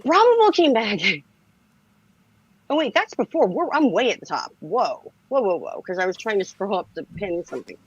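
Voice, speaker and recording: A woman with a lisp chats loosely on a late-night livestream, giggly and easily sidetracked. Her voice is gravelly and breathy, and her pitch swings widely as she talks. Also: big pitch swings, normal speed, dry recording, highs cut off. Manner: giggly, scattered, laughing often. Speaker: livestream co-host.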